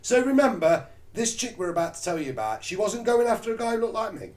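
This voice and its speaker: A man co-hosting a crude comedy chat, animated and mocking, swearing a lot. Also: high voice, fast talker. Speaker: co-host.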